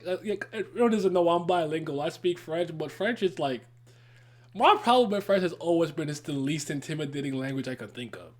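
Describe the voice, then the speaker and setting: A man's voice: a little high, lively intonation, moderate pace. A man co-hosting a podcast in casual chat, rambling and easygoing.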